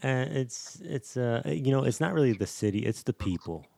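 A man's voice: mid-range voice, animated, normal speed, gravelly, a little mellow, no echo, studio quality. A man co-hosting a podcast in casual chat, often stammering and turning dryly mock-serious. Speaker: podcast co-host.

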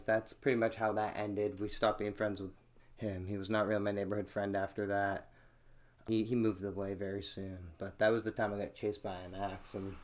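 A man's voice: fairly low pitch, a little mellow. A man hosting his own podcast from a small home room, telling rambling, profane stories full of "like" fillers, with the microphone set on a towel-covered chair. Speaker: podcast host. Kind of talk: casual solo storytelling.

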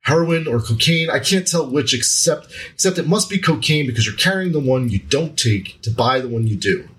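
A man's voice: mid-range voice, expressive, brisk, fairly bright tone, natural voice, low-quality recording. A stern, older gunslinger gives curt orders, as a man reads him aloud. His delivery is commanding and clipped. The voice sits in a middle register.

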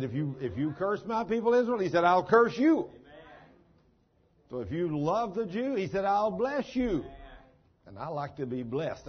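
A man's voice: fairly high pitch, breathy edge. An older man, a pastor, preaching a sermon in a folksy storytelling manner. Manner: folksy storytelling, down-home phrasing. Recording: dull lo-fi sermon recording.

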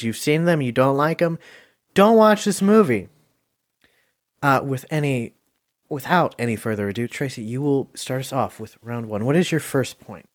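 A man's voice: mid-range voice, no echo. Sex: man. Role: podcast host. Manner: filler-heavy, dry sound. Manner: frequent "uh" fillers, loose and joking. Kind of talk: casual podcast hosting.

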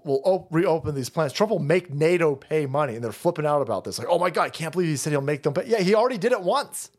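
A man hosting a stream, delivering a profane, sarcastic rant of political commentary. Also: sits high. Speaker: streamer host.

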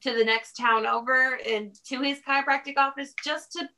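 A woman's voice: sits high, steady tone, moderate pace, pushed and bright. A young woman co-hosting a casual podcast chat, telling a personal story in a rambling way and laughing often. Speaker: podcast co-host.

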